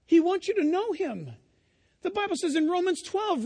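Very high-pitched and very animated, a male pastor preaches to his church at a moderate pace, his voice trailing off in a long reverb tail. His sermon unfolds as conversational storytelling sprinkled with rhetorical questions to the congregation.

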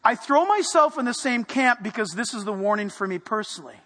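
A man preaching a sermon, animated and playful, dropping to a hush for emphasis. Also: high-pitched, fairly quick, in a large hall. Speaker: pastor.

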